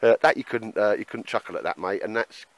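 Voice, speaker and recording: A man's voice: lowish voice, quick pace, no echo, poor audio. A man chatting casually to camera at an outdoor woodland camp, laughing often and calling people mate. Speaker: bushcraft vlogger.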